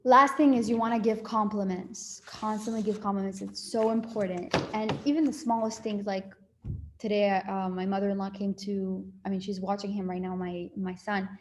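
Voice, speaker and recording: A woman's voice: medium pitch, steady tone, normal speed, slight background noise. Chatty young woman giving relationship advice. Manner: chatty, full of "like" and "you know", acts out little quoted exchanges. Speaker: relationship talk speaker. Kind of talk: casual talk to a live and Zoom audience.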